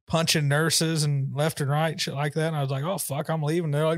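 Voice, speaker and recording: A man's voice: a little high, steady tone, a little fast, no room sound, studio quality. A man co-hosting a podcast, telling stories bluntly with swearing and teasing jokes. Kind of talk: casual podcast chat.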